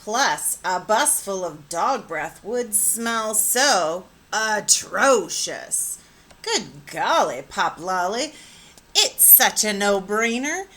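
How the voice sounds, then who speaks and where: A woman teacher reading a picture book aloud with expressive, animated storytelling. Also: mid-range voice, drawn-out words.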